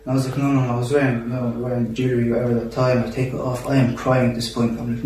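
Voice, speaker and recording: A young man telling a personal story in casual talk among friends, animated and full of restarts. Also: medium pitch, racing, few pauses, slight background noise. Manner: animated, acts out quotes, many restarts. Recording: roomy echo, distant mic.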